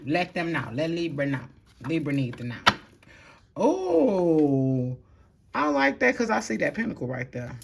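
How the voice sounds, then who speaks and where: A woman doing a casual tarot reading to camera, talking bluntly in slang and swearing freely, moving between calm stretches and loud outbursts. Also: deep voice, fairly quick, vocal fry, background noise. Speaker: tarot reader.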